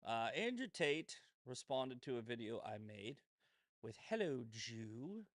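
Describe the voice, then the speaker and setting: A man's voice: medium pitch, very animated, a little slow, a bit bright, no echo, studio quality. A man hosting a casual commentary show, swearing freely, sarcastic, often breaking into laughter. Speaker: host.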